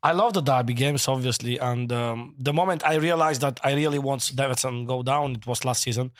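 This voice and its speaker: A man's voice: medium pitch, brisk, no echo. Guy chatting footy, earnest but jokey, dry mic. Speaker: regular panelist. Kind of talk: casual football chat.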